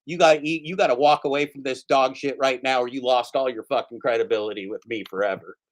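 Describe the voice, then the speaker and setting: A man's voice: mid-range voice, steady tone, quick pace. A man ranting angrily and profanely in commentary, repeating himself and mocking the people he calls out.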